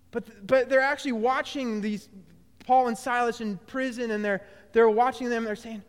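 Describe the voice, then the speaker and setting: A man preaching a sermon, animated, with loud bursts that drop to quiet low phrases and frequent restarts. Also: fairly quick, clean tone, big-room sound. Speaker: pastor.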